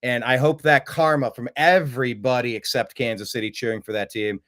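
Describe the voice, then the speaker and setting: A man hosting a casual sports chat, animated and quick to mimic other voices in his stories. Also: mid-range voice. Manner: animated, jumps into mocking voices. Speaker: host.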